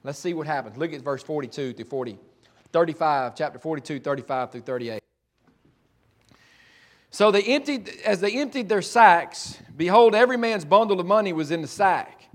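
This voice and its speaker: A man's voice: on the high side, lively intonation, normal speed. A man preaching a sermon, retelling scripture in a folksy, conversational way with frequent restarts.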